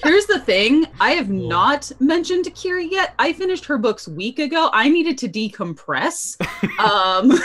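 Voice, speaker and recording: A woman's voice: sits high, big pitch swings, a little slow, fairly bright tone. A woman, a player on a live role-play stream, chatting casually and gushing eagerly. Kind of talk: casual chat.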